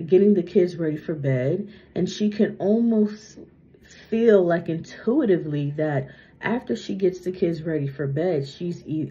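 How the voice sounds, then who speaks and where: A young adult woman gives a psychic reading as a chatty, casual monologue, tacking "right?" and "okay?" onto her sentences. A retainer makes her speech a little slurred, and her voice is lowish and dark. The recording is muffled and lo-fi.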